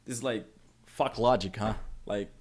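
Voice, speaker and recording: A man from Finland, live streaming and reacting to donations, emotionally overwhelmed, swinging from shouts to mumbles and swearing constantly. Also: fairly low pitch, normal speed.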